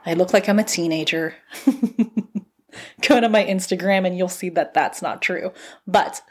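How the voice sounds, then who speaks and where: Recorded on a phone at home, a woman in her thirties hosts a podcast and gives a casual motivational talk, laughing often as she gets fired up. Her voice is fairly low, a little slow, and slightly rough.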